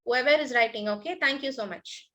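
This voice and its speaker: Bright, high-voiced woman teacher, Indian English. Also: a little fast, rough recording. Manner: repetitive, patient instructions, frequent "okay" and thanks. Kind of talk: online class instruction.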